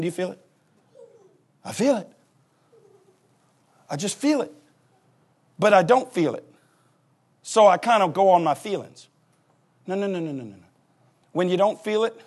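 A man preaching a sermon as pastor, folksy and joking, talking straight to the congregation. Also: high-pitched. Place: church.

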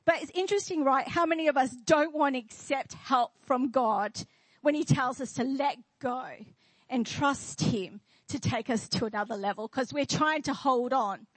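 A woman's voice: high-pitched, moderate pace, no echo, poor audio. A woman pastor preaching a sermon in church, declaring and asking the congregation questions.

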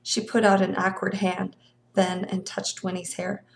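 Woman reading a novel with a gravelly voice. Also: medium pitch, unhurried. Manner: expressive storytelling. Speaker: reader of a novel.

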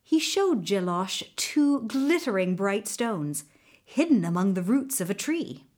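A woman narrating a storybook fairy tale in an expressive, measured manner. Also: mid-range voice.

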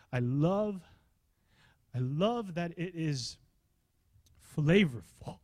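A man preaching a sermon as pastor, in a conversational style that swings between hushed and excited. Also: medium pitch, no room sound. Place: church.

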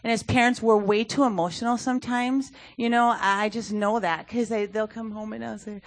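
A woman's voice: on the high side, fairly even intonation, brisk, hardly any pauses. A woman speaking earnestly and conversationally at a church service, with frequent fillers as she talks. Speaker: youth ministry speaker. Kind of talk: sermon talk.

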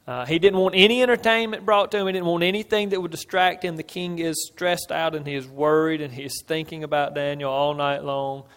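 A man's voice: fairly high pitch, steady tone, fairly quick, hardly any pauses, fairly bright tone, clean tone. A man preaching an expository sermon, telling a scripture story with earnest, building emphasis and asking his listeners "right?" as he goes. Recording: long reverb of a large hall.

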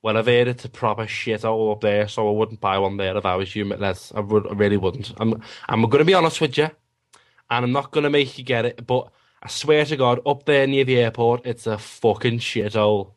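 Blunt sweary radio host. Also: male voice, on the low side, fairly quick. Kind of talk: casual radio phone-in.

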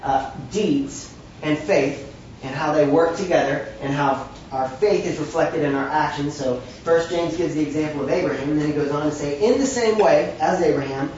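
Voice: medium pitch, moderate pace, a little mellow, slight background noise. A preacher giving an emphatic, conversational sermon with wry asides, recorded from a distance in a large room. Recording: very echoey, distant from the mic, dull.

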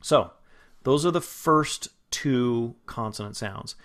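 A man coaching pronunciation in a spoken phonetics lesson, patient and explanatory, slowing down to model each sound. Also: mid-range voice, fairly bright tone. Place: Los Angeles area.

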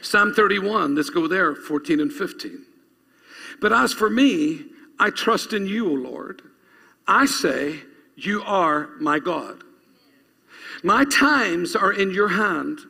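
High gravelly preacher in a reverberant hall. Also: male voice, animated, takes it slowly, pushed and bright. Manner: preaching, urging congregation to repeat after him. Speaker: pastor. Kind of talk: sermon. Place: church. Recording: long reverb of a church hall.

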